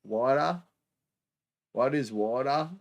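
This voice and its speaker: A man's voice: mid-range voice, slow, vocal fry, voice pushed up. A man putting on an exaggerated American accent to play a baffled drive-thru worker.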